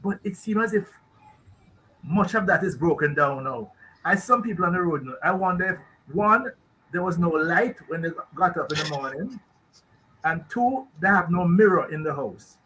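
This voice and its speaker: A man's voice: sits high, expressive, moderate pace, sharp tone, slight background noise, low-quality recording. A man with a Jamaican accent, a guest expert on a radio talk show, talking emphatically in rambling rhetorical questions.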